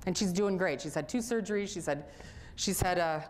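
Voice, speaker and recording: A middle-aged woman speaking to a group and telling a personal story. She talks in an animated way and often breaks into laughter as she goes. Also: fairly low pitch, fairly quick.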